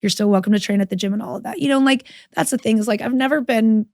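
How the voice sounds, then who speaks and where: A woman guest on a podcast, telling a personal story frankly, with plenty of swearing and animated quoting of her own thoughts. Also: on the high side, very fast, no room sound, studio quality. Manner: frank and profane, animated retelling with quoted inner voice. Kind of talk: candid conversational storytelling.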